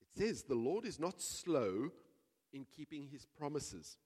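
A man preaching a sermon as pastor, telling a story with big swings between hushed and loud delivery. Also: on the high side, big pitch swings, unhurried, breathy edge. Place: church hall. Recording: reverberant church hall.

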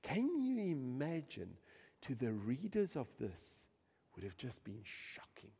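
A man preaching a passionate sermon, swinging from loud outbursts to hushed asides. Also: mid-range voice, huge pitch swings, takes it slowly, creaky, husky, big-room sound. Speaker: pastor.

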